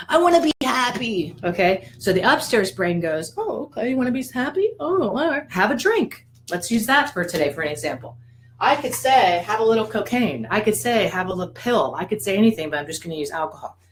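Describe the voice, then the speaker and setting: A woman addiction coach teaching in a casual, animated way, acting out voices and checking in with her listeners. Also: medium pitch, rough recording. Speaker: addiction professional and life coach.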